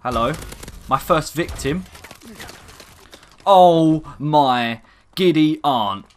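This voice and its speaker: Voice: medium pitch, drawn-out words. A gaming commentator talking over gameplay, exasperated and ranting at the game.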